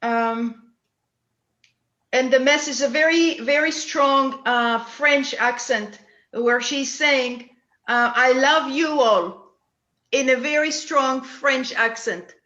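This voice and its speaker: High, bright medium in an echoey room. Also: female voice, highs cut off. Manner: halting, repeats words while searching. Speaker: psychic medium. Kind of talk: mediumship reading at a church service.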